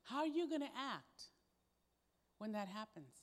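Brief: woman pastor, fairly high voice, sermon told as a story, long hall reverb. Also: sing-song, measured pace. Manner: conversational storytelling, acting out quoted dialogue.

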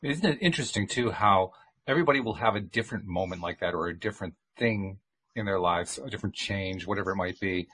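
A man's voice: deep voice, fast, fairly bright tone, slight background noise. A man in reflective casual conversation, talking thoughtfully with frequent restarts.

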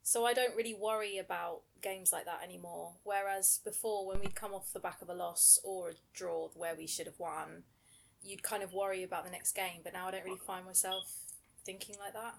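A woman's voice: mid-range voice, fairly even intonation, a little fast, creaky. A woman co-hosting a football podcast, chatting casually and laughing often. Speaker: podcast co-host. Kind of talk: casual chat.

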